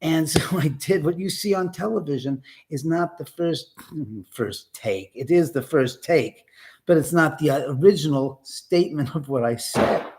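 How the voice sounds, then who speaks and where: Male livestream host, slightly higher voice, rambling and profane, phone-filmed at home. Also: a little slow, slight background noise. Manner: rambling, profane, animated storyteller. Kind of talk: casual livestream storytelling. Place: his own house, indoors.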